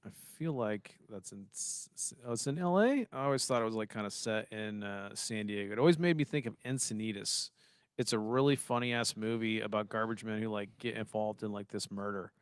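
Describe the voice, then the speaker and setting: A man with a fairly low, clean voice co-hosts a podcast, talking a little fast in a dry recording. He rambles in a laid-back way about baseball and movies, swearing casually.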